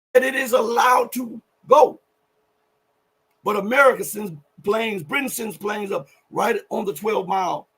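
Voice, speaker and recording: A male show host with a high, husky voice delivers live political commentary, speaking emphatically and raising his voice almost to a shout for emphasis. Between those moments he rambles and corrects himself on the fly.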